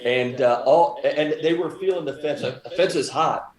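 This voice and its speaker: A man co-hosts a casual podcast chat, dryly wisecracking and filling in details of a story. His voice is fairly high, unhurried and a little mellow, and the recording has a roomy echo.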